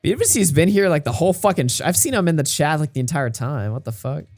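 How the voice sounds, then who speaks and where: A man's voice: fairly high pitch, lively intonation, fast, a little mellow, no room sound, faint music behind. A man hosting a livestream, trading casual banter and laughing often. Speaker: stream host. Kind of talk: casual stream chat.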